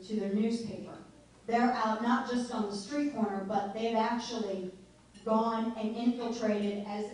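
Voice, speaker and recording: A woman's voice: medium pitch, darkish tone. Chatty woman speaking in an echoey hall. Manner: chatty and joking, laughs often. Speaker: guest speaker at a political meeting. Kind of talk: informal speech to a live audience. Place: meeting hall. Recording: echoey hall heard from far off.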